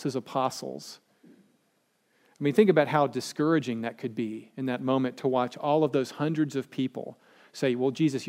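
Conversational male pastor, slightly high voice. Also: darkish tone. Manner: conversational, direct to listeners. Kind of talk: sermon.

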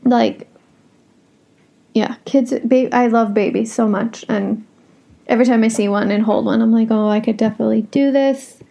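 A woman's voice: fairly high pitch, steady tone, normal speed, gravelly, warm tone. A young woman hosting a solo podcast, talking casually and bluntly, swearing freely as she vents. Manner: blunt, frank and swears a lot. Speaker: podcast host.

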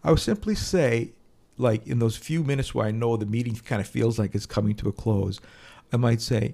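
A man's voice: mid-range voice, normal speed, gravelly, mellow. A man co-hosting an advice podcast, telling stories bluntly in casual chat and laughing now and then. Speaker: podcast co-host.

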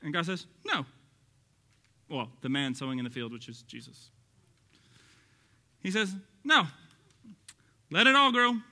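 Texas pastor guy, high bright voice, jokes a lot, yells the quotes. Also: unhurried, long pauses. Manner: animated, jokey, acts out quoted voices, bursts of shouting. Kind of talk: sermon.

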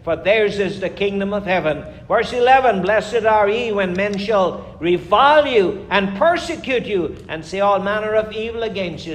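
A man preaching a fervent sermon as pastor, emphatic, with sudden rises and slowed, stressed lines. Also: high voice, lively intonation. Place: church. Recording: echoey church room.

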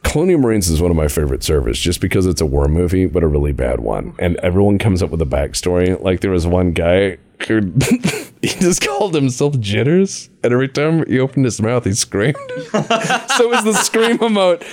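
A man hosting a podcast, telling stories in casual chat, laughing often and mimicking people in high voices. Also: sing-song, a little fast, darkish tone. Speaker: podcast host.

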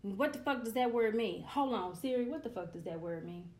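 A woman's voice: on the high side, lively intonation, a little fast, darkish tone. A woman in her forties talking straight to her viewers in a casual monologue, blunt and profane, ranting with comic exasperation. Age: 40s. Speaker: vlogger.

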